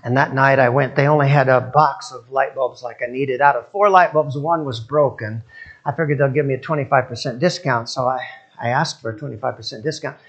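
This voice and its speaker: A man's voice: medium pitch, a little fast, highs cut off. A male preacher giving a sermon, telling stories and asking his listeners questions. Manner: storytelling, acts out quoted voices, asks audience questions.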